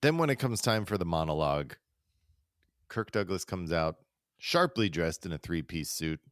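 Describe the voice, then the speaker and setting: A man's voice: low-pitched, expressive, moderate pace, fairly bright tone, dry recording, studio quality. A man co-hosting a podcast, casually recapping an old comedy episode step by step in an easygoing way and laughing along. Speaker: podcast co-host.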